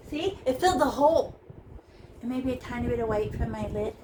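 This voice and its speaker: Woman teaching painting, kinda high voice, playful and chatty, noisy background w cars going by. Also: brisk, distant mic. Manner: chatty, playful, narrates each brushstroke. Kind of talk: casual painting tutorial.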